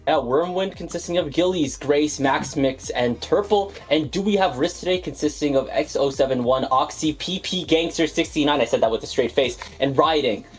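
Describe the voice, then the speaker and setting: A man casting an online video game tournament, calling the action play by play with a wry, energetic delivery. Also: on the high side, moderate pace, few pauses, low-quality recording. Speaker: play-by-play caster. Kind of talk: esports commentary.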